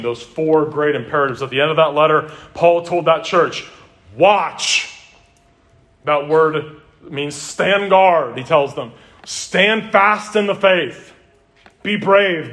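A man's voice: on the high side, fairly bright tone. A man, a pastor, preaching an earnest expository sermon that builds through emphatic repeated lists.

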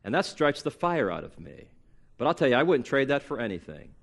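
A man's voice: big pitch swings, fairly quick, gravelly. Emphatic preaching man. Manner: emphatic, rises in pitch and volume for punchy lines; sarcastic, mimics excuses in quoted voices. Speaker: pastor. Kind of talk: sermon.

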